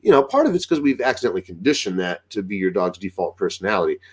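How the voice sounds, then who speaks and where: A man's voice: sits low, fast, breathy edge. A man giving casual dog-training advice, acting out what dogs and owners might say. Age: adult with a young daughter. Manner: animated, acts out dialogue with dogs and owners.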